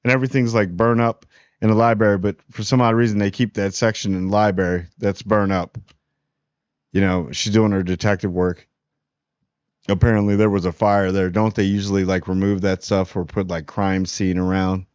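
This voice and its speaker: A man from New Jersey hosting a casual spoiler review of a TV show, talking bluntly with frequent restarts and animated jumps. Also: low-pitched, normal speed, smooth, dry recording, dull audio. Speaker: TV review host.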